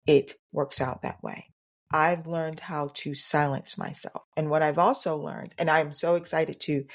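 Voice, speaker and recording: A woman hosting a solo podcast, speaking earnestly and reflectively at an unhurried pace, often repeating phrases for emphasis. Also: low voice, a little mellow. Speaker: podcast host.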